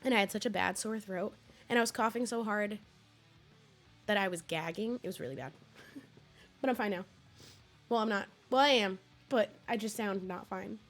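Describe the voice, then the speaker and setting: A young woman streams from home, chatting with viewers in a rambling, laughing way while hoarse, sniffly and coughing from a cold. Her mid-range voice moves at a moderate pace with long pauses, and soft music plays in the background.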